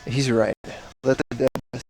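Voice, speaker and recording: A man's voice: mid-range voice, steady tone, takes it slowly, darkish tone, faint music behind. A man hosting a casual livestream while he browses a retro game shop and chats with viewers. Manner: chatty, browsing and reading chat aloud. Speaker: livestream host. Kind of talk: casual IRL livestream chat.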